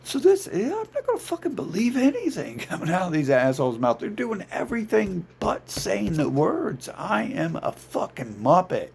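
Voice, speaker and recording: A man's voice: sits high, huge pitch swings, moderate pace, vocal fry, few pauses, darkish tone, breathy edge. A man ranting in a rambling, profane monologue, swearing constantly and restarting his sentences. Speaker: vlogger.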